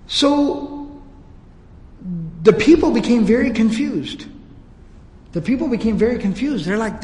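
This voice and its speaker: High-voiced male lecturer in an echoing hall. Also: animated, unhurried, long pauses, darkish tone. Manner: storytelling, casual asides. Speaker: teacher. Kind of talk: religious history lecture. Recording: echoey hall.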